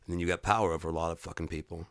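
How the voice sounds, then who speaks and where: Man, livestream host, casual rant, swears a lot, low voice, smooth clear tone. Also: fairly even intonation, rapid-fire, a bit bright, dry recording. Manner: profane, heated ranting; rambling with restarts. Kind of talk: casual chat.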